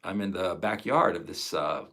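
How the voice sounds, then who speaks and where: A man's voice: sits low, animated, normal speed, fairly bright tone. A man in his fifties ranting on a live stream, emotional and profane. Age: 50s. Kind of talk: angry live stream monologue.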